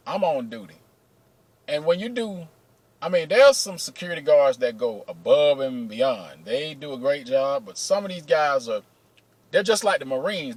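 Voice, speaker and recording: A man's voice: fairly high pitch, dry recording, low-quality recording. Profane storytelling man, dry close sound. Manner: profane, animated, acts out quotes. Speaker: vlogger telling security stories. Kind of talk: casual storytelling.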